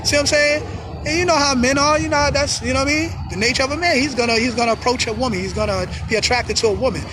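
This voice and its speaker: A man talking in a casual monologue, animated, full of street slang, often acting out other people's voices. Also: very high-pitched, very fast, noisy background. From New York. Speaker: host. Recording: music in background.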